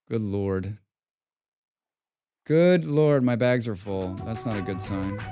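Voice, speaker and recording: A young man commenting live on a survival game, excitable, talking to himself, humming and swearing between moves. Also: lowish voice, extremely slow, faint music behind. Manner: excitable, talks to himself, hums and mutters while playing; swears often. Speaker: streamer.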